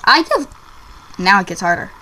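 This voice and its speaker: A young woman commenting on her own gameplay, excitable and quick to yelp and shriek when things go wrong. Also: medium pitch, a little hiss or hum. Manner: excitable, yelps and shrieks at failures. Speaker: gaming YouTuber.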